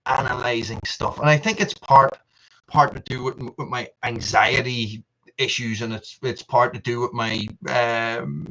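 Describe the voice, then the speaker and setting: Guy rambling on his home live stream, laughs at himself a lot, keeps messing with his mics, ordinary middle pitch. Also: sharp tone, rough recording. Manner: rambling, self-mocking, restarts and laughs often. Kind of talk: casual live stream chat with viewers. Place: upstairs room at home. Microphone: testing camera mic and desk mic.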